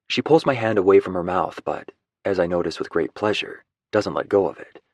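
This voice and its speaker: Man, low voice, first-person romance narration, wry, easygoing, very dry studio sound. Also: moderate pace, no room sound. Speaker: audiobook narrator.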